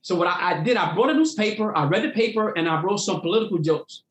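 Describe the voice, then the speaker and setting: A man who does stand-up tells his stories with lively acted-out voices. His voice sits high for a man. The room around him rings with echo. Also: fast, muffled recording, slight background noise. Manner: animated storyteller acting out voices. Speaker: comedian guest. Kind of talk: storytelling interview.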